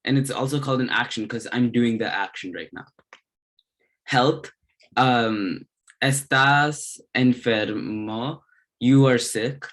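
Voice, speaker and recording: A male tutor walks through a grammar lesson at a slow, careful pace. His voice sits in an ordinary middle register. He pauses on fillers and restarts words as he explains. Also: medium pitch.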